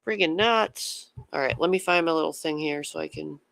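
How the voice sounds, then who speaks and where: A man's voice: fairly high pitch, normal speed, gravelly, fairly bright tone, dry recording. A man chatting casually with viewers on his livestream, rambling from topic to topic and swearing freely.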